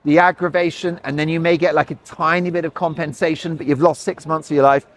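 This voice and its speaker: A man's voice: fairly high pitch, fairly even intonation, fast, close to an everyday voice. A man voicing a blunt, no-nonsense older male lawyer reasoning with a caller.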